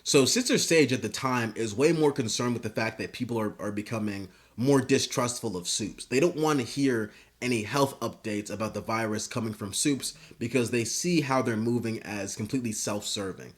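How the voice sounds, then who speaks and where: A young man riffs in casual comedic commentary. His speech rambles, full of ums, restarts and swearing. His pitch sits in a plain middle range. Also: moderate pace, hardly any pauses. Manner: rambling, filler-heavy, profane. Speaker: YouTube commentator.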